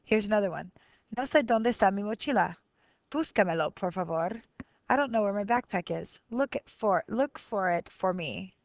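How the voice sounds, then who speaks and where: A woman's voice: medium pitch, animated, moderate pace, no echo. A woman in her thirties teaching a grammar lesson on video, explaining patiently and counting syllables aloud as she thinks through each example. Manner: switches between Spanish and English explanations, counting syllables aloud. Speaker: Spanish teacher.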